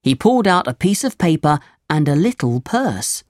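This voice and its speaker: A woman reading a children's storybook aloud, slow, clear and expressive. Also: low-pitched, no room sound, clean studio sound.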